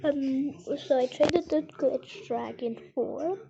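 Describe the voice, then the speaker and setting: A woman chatting casually over gameplay, rambling and halting with lots of fillers. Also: high voice, creaky, highs cut off, a crowd in the background. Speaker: game vlogger.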